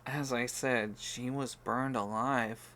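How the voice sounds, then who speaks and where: A man narrating an audiobook, voicing a steady, reassuring young male hero in a near-natural voice. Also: mid-range voice, slow, a little hiss or hum.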